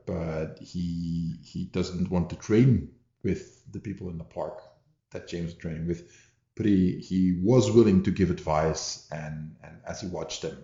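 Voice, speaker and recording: A man's voice: low voice, dark tone. A man hosting a podcast, telling martial arts anecdotes in a rambling, amused way with many restarts and asides. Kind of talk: casual storytelling monologue. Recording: dull roomy home recording.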